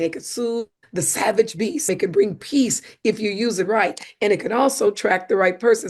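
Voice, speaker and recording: A woman communication coach speaking as a podcast guest. She talks with animated emphasis and often acts out little spoken examples to make her point. Her voice sits in a middle range for a woman. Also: mid-range voice.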